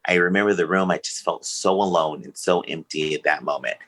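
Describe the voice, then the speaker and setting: Deep-voiced man, bright and emotional. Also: brisk, rough recording. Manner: emotional, earnest, open. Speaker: podcast guest. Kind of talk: candid personal storytelling.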